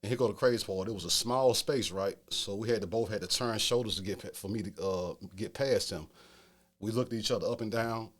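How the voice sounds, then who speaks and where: A man's voice: lowish voice, fairly quick. A middle-aged man with a New Orleans accent telling a story in casual chat, streetwise, often asking "you feel me?". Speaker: podcast host telling a story.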